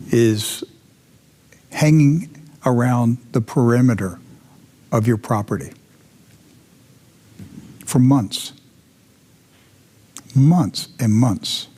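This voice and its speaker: Dark husky man, dramatic commentator. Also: medium pitch. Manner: dramatic storytelling, drops to intense whispers; repetitive, emphatic. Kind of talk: commentary talk show.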